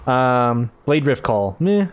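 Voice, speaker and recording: A man's voice: mid-range voice, very animated, slow, slight background noise. A man hosting a gaming video, giving casual let's-play commentary with rambling, self-mocking asides.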